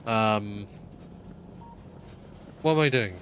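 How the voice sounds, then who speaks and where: A man's voice: on the low side, drawn-out words, a bit bright, slight background noise. Rambling, swearing male game streamer. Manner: rambling, self-mocking, swears casually. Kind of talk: casual live-stream gameplay chat.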